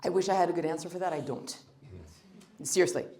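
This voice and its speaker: A woman's voice: fairly low pitch, fast talker, dark tone. A woman giving a blunt, emphatic workshop talk on first impressions, with joking asides to the audience. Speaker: guest speaker on first impressions. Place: meeting room. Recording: roomy room echo.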